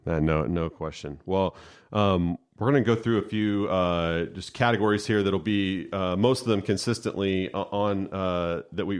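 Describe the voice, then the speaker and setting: A man with a deep, resonant voice talks casually as a podcast co-host. He speaks haltingly, with many fillers and restarts. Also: smooth. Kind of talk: casual chat.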